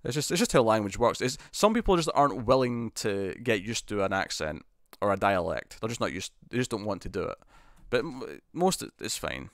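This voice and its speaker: A man's voice: on the low side, sing-song, brisk, hardly any pauses, fairly bright tone, no room sound. A young man hosting a casual live stream, reading viewer comments aloud and answering them with frequent ums and laughs, into a studio mic with a pop shield. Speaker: host.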